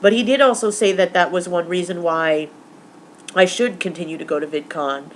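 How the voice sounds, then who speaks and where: Young woman vlogging, rambly with lots of ums, kinda low voice, faint hiss behind. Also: normal speed. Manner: rambling, many fillers. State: tearful, emotional; recovering from stomach flu. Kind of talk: casual vlog recap.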